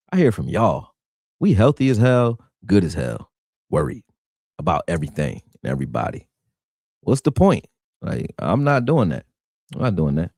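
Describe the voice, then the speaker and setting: A man hosting a casual sports talk stream from Philadelphia, slangy, animated and rambling. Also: deep voice, breathy edge, dry recording, clean studio sound. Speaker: sports talk show host.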